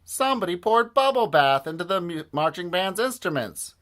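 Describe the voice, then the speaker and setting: A man voicing an excited fan who shouts accusations from the bleachers, high and loud. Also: moderate pace. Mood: outraged.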